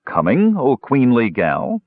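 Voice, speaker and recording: A man's voice: measured pace, husky, dry recording, heavily acted. A man voicing an eager, simple-minded male dwarf who talks in broken, clipped phrases, in a dry, tinny audiobook recording. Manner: broken clipped speech, high and excited.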